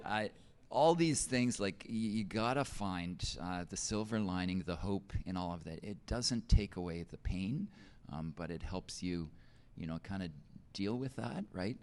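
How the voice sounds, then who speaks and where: A man with a very low voice tells a personal story of faith in an easygoing, conversational way. He is middle-aged and stops and restarts often, leaning on fillers as he talks it through. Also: animated, a little slow, darkish tone. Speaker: teacher. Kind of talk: personal testimony in an interview.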